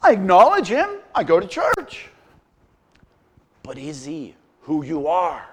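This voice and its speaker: A middle-aged pastor delivers a sermon with a high, lively voice that leaps across a wide range. He tells stories with humor and breaks into acted-out quotes. The delivery stays warm in its storytelling but keeps a clear point. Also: takes it slowly.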